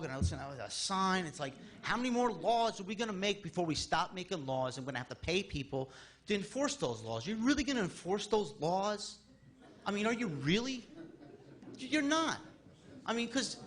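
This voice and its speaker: A man's voice: sits high, a bit bright. A man in his thirties speaking at public comment during a town board meeting, rambling and exasperated, with many restarts. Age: 30s.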